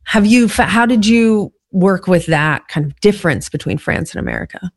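A woman's voice: medium pitch, animated, moderate pace, dry recording, studio quality. A woman hosting a podcast interview, asking curious, conversational questions. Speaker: podcast host.

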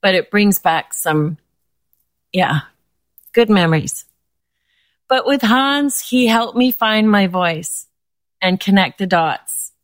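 A woman's voice: mid-range voice, expressive, slow, pauses often, no echo. An older woman, a guest in an interview, speaking candidly and with feeling. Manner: candid and heartfelt. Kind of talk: emotional interview.

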